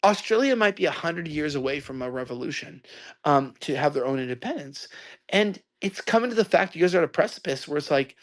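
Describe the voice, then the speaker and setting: Loud, rambling higher-voiced man. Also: lively intonation, brisk. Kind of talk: ranting monologue.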